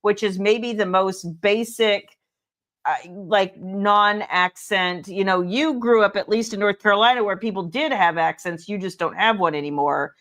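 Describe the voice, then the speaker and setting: A woman's voice: medium pitch, normal speed, a bit bright. A middle-aged woman from California hosting a casual livestream, chatty, telling stories with lots of fillers. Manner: chatty storyteller with many fillers and restarts.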